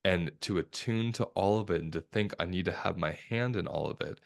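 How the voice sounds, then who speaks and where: A man, a somatic therapist, talking as a guest in a podcast interview in a calm, reflective, measured way. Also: low voice, vocal fry. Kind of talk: conversational interview talk.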